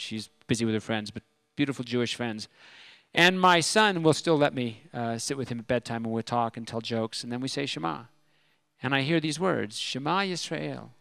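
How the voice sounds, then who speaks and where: A middle-aged man telling a personal story at a convention, animated and self-deprecating. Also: a little high, no echo. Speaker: speaker at a religious convention.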